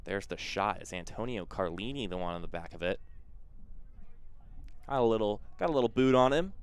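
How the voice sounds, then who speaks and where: A man with a low, smooth voice calls a live soccer match from the broadcast booth. His play-by-play is steady and conversational, and he fills slower moments with easy talk between the passes. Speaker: play-by-play commentator.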